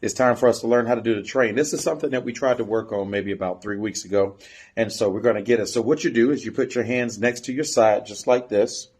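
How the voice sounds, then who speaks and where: A man's voice: fairly low pitch, steady tone, quick pace, a little mellow. A man coaching a step team in an instructional video, counting and chanting the beat while he demonstrates. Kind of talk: instructional video teaching drills.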